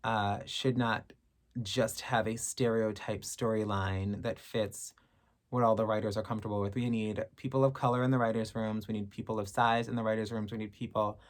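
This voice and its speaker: A woman's voice: rumbling low, fairly even intonation, normal speed. A woman in her thirties chatting to camera as she answers fan questions, candid and sassy, swearing freely. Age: 30s. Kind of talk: casual chat to camera.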